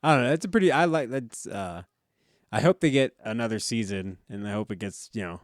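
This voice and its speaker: A man's voice: lowish voice, lively intonation, fairly quick, no room sound, clean studio sound. A man co-hosting a casual podcast, laid-back and swearing freely as he retells TV scenes. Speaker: podcast co-host. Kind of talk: casual chat.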